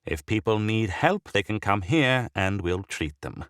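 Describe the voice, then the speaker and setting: A man voicing a massive, sickly old bishop who speaks in a loud, raspy, growling voice, slow and heavy with weariness. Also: lowish voice, animated, no room sound, studio quality, voice pushed up. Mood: grave, weary.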